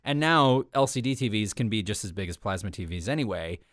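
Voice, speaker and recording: A man's voice: lowish voice, animated, fairly quick, fairly bright tone, no room sound, studio quality. A man co-hosting a casual tech podcast, chatting in a rambling, self-correcting way. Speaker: podcast co-host.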